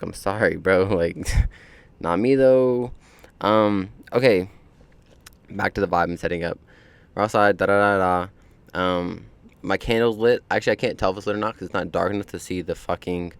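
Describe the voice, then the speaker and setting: This young male podcaster sits outdoors on a deck, spinning an easygoing monologue heavy on curse words and verbal filler. His low voice is clear and resonant, with no room sound at all.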